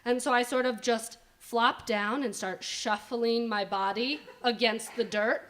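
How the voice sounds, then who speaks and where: A woman's voice: a little high, steady tone, measured pace, fairly bright tone. Chatty young woman telling a story. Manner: chatty, filler-heavy with "like". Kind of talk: live personal storytelling. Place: indoor winery event space.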